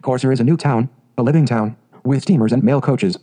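A man reading the lines of a proud young sailor boy in a storybook, in a dark, even voice. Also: mid-range voice, brisk, natural voice, rough recording. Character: boastful young sailor boy speaking for a town.

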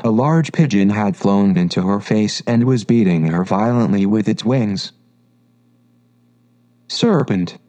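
A man narrating a classic children's story in a calm, measured reading voice. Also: fairly low pitch.

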